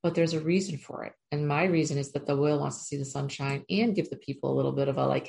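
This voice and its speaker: A woman's voice: low voice, quick pace, vocal fry, few pauses, darkish tone. A woman working as a spiritual coach, giving an earnest, repetitive motivational talk to her viewers as she reads oracle cards. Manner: earnest, repetitive, often asks "right?".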